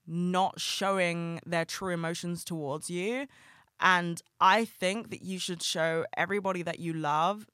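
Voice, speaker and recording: A young adult hosts a solo podcast, talking casually and from the heart, rambling with lots of "like" and swearing, and bursting into excitement. The medium-pitched voice is recorded at studio quality with no room sound.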